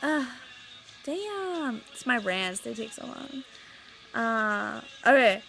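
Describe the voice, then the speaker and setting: A woman's voice: a little high, sing-song, slow pace, creaky, a bit bright, faint music behind, low-quality recording. A young woman ranting casually to her webcam at home, rambling and sarcastic with lots of filler words. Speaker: vlogger.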